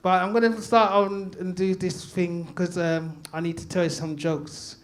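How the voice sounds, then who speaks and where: A man from London doing open-mic stand-up comedy, loud and chatty, laughing and calling out to the crowd. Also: high-pitched, flat delivery, normal speed, slight background noise. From Brixton, London. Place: stage at a comedy night.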